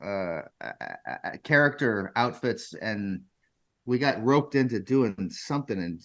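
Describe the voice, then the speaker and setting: A man's voice: on the low side, very animated, unhurried. A man chatting on a podcast and telling a lighthearted story about an old job. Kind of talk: casual podcast conversation.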